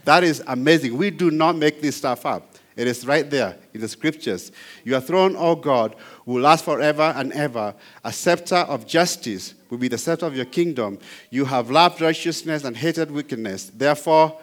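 A man's voice: a little high, moderate pace. A man teaching apologetics, reading scripture verses aloud and stressing key words with emphasis. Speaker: Bible teacher.

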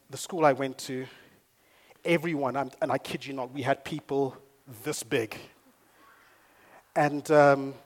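A man preaching a sermon as a pastor. He moves between quiet storytelling and loud, emphatic preaching. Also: mid-range voice.

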